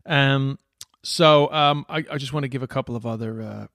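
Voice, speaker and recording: A man's voice: mid-range voice, moderate pace, vocal fry, fairly bright tone, no room sound, studio quality. An Irish man hosting a casual podcast chat, rambling and swearing freely. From Ireland. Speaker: podcast host.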